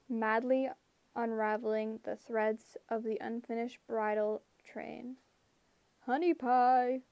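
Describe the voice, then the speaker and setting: A woman reading an audiobook aloud in a measured, expressive storytelling way. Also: fairly high pitch, dry recording, dull audio. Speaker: audiobook reader. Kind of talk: audiobook narration.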